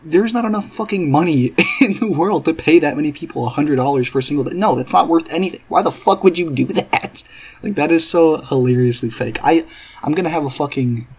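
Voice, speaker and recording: A man's voice: a little high, a little fast, darkish tone, slightly rough. A man doing reaction commentary in a profane, sarcastic, exasperated rant. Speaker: commentary YouTuber.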